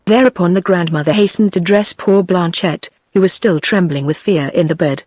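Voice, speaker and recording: A computer-generated woman's voice with a British English accent, narrating a fairy tale audiobook in an even, mechanical delivery. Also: on the low side, normal speed, no echo.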